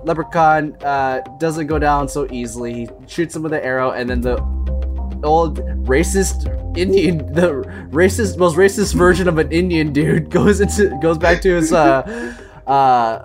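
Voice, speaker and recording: A man's voice: on the high side, fairly even intonation, moderate pace, music in the background. A young man co-hosting a casual podcast, recapping a movie plot in a rambling way with laughs and quoted bits. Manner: rambling, laughing while retelling scenes with playful quoted voices. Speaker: podcast co-host.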